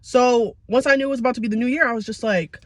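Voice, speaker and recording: A man's voice: very high-pitched, steady tone, quick pace, a bit bright, dry recording. A young man around twenty giving a casual, heartfelt personal faith testimony in a confessional way. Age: young adult. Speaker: vlogger.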